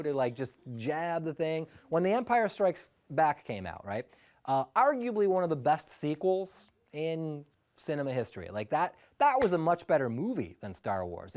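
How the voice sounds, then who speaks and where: A man telling a personal story live, animated, often laughing and acting out the quotes. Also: on the high side.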